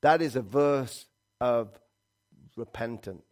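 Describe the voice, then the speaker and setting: A man preaching a sermon in an earnest, halting way, reading scripture and hymn lines aloud. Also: a little high. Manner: earnest, halting, with restarts and quoted prayers.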